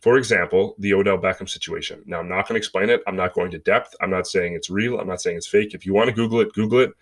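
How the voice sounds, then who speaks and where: A man's voice: deep voice, fast. A man in his twenties hosting a solo podcast, ranting with sarcasm and mockery in casual talk. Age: 20s. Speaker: podcast host.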